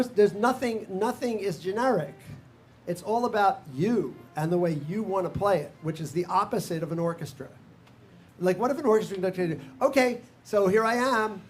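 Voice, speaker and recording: High-voiced older man leading a music workshop. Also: a little hiss or hum. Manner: scats melodies, counts in, laughs often. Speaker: workshop leader. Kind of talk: teaching a live music workshop.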